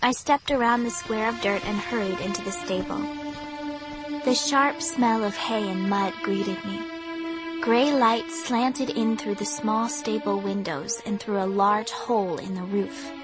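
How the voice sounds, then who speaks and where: Woman audiobook narrator, unhurried and suspenseful, mid pitch; music bed behind. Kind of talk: first-person audiobook narration.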